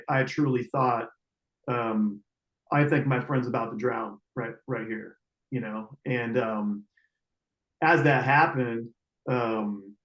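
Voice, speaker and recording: Halting man telling a rescue story. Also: mid-range voice, echoey room, poor audio. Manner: halting, many fillers and restarts. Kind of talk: casual storytelling.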